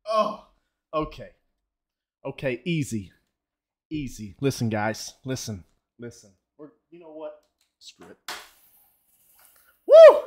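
A man streaming a storm-chasing game live, hyped up, shouting thanks to donors and sometimes out of breath. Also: high-pitched. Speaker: gaming streamer.

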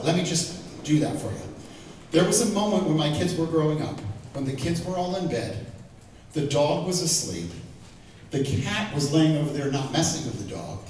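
High-voiced man teaching in an echoey hall. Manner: animated and joking, with rhetorical questions to the audience. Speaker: Bible teacher. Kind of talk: lively teaching talk to a live audience. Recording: echoey hall, mic far off, faint noise.

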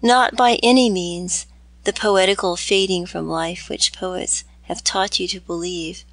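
A woman's voice: fairly low pitch, steady tone, a little slow, dry recording. A woman reading aloud as a tormented young man in a storybook, grave and melancholy. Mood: brooding. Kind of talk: audiobook reading.

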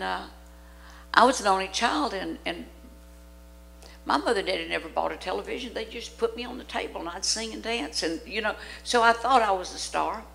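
An older woman from Louisiana, preaching a storytelling sermon in a church, dramatic and animated as she acts out the voices in her stories. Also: on the low side, creaky, a little hiss or hum, rough recording. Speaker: guest preacher. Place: church sanctuary.

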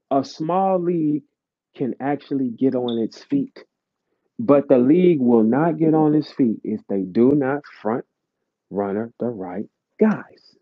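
Lecturing the listeners in his audio chat room, the host goes on a blunt, profane rant. The voice runs on the high side without any echo, and the live stream audio is dull and lo-fi.

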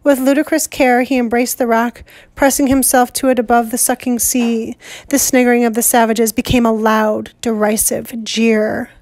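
A woman teacher reading a novel aloud in a measured, deliberate way. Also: fairly high pitch, level tone, darkish tone.

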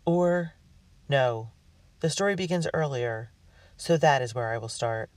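A man's voice: mid-range voice, measured pace, no room sound. Man reading a storybook aloud, dry and distant. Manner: earnest, expressive reading. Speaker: audiobook reader. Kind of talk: first-person storybook narration.

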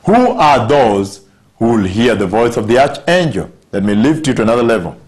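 A man preaching a sermon, stressing scripture words emphatically and slowing down on key phrases. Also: mid-range voice, sing-song, a little mellow.

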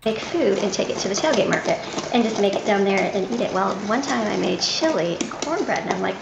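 A woman's voice: medium pitch, animated, a little fast, vocal fry, roomy sound, very noisy. A woman chatting in a rambling way while she cooks, narrating her kitchen vlog. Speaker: home cooking vlogger. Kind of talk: chatty cooking vlog clip.

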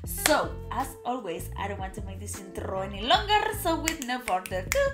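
A woman hosting a reaction video, talking in an excitable, gushing way with repeated exclamations and restarts. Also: mid-range voice, brisk, music in the background.

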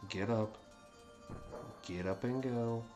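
A man giving live commentary on his own gameplay, swearing constantly and breaking into excitable outbursts. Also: mid-range voice, slow pace. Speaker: let's play streamer. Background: game music.

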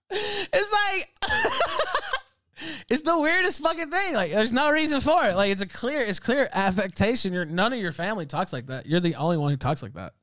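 A man's voice: high-pitched, animated, fairly quick, fairly bright tone, no echo. A man hosting a livestream, ranting in heated, profane casual talk and breaking into laughs. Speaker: livestream host.

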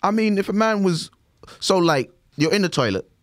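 A man in a casual podcast chat, reacting with quick questions and comments. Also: sits high, animated, no echo, clean studio sound. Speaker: podcast co-host.

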